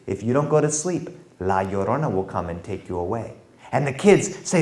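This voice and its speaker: A man tells a story to a young audience in an animated, dramatic way, speaking straight to them. His pitch swings widely. His voice echoes around a roomy performance space. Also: normal speed.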